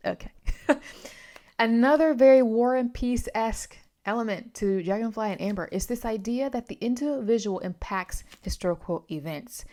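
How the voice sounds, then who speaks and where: A woman's voice: a little high, moderate pace, darkish tone. A young woman reviewing a novel in a casual, chatty vlog, with many asides and self-corrections. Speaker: book reviewer.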